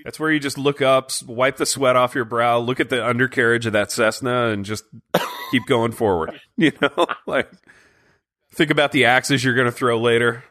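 A man's voice: medium pitch, fairly even intonation, moderate pace, fairly bright tone, no echo, clean studio sound. A man co-hosting a casual podcast, joking and teasing with laughs. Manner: jokey, teasing, laughs often. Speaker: podcast co-host. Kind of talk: casual banter.

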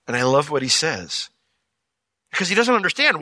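A male pastor preaching an expository sermon in a lively, conversational way, explaining word meanings and acting out the biblical characters in casual modern speech. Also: on the high side, fairly quick, no echo.

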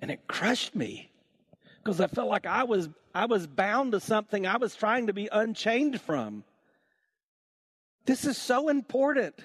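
A man preaching a sermon to his church, telling stories with lively acted-out voices. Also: a little slow. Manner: animated storytelling, acts out voices with big swings in pitch. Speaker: pastor.

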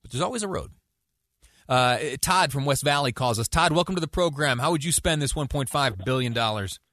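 A man hosting a call-in radio show, talking in a halting way with frequent restarts. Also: mid-range voice, expressive, fairly bright tone, no echo, studio quality. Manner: halting, many restarts, laughs easily. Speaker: radio talk show host.

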